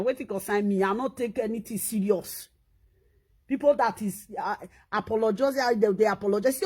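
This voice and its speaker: High-voiced Nigerian woman ranting. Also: fairly quick. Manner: animated and scolding, repeats herself, rises sharply for emphasis. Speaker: social media commentator. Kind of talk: casual monologue in Pidgin.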